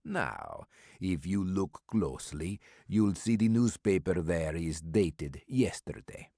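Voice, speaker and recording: A burly older foreign businessman with a thick, clipped Eastern European accent, as a man puts him on. He talks slowly and deliberately, keeping his cards close. The voice is deep and sits in a dry, close sound. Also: big pitch swings, gravelly, mellow, no room sound, exaggerated voice. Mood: cagey, insistent. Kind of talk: audiobook character voice.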